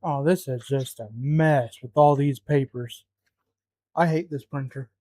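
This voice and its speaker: A man's voice: medium pitch, steady tone, a little slow, mellow, no room sound. A man cooking at home, talking to himself in a flustered, muttering way and swearing often. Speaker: home cook vlogger. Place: home kitchen.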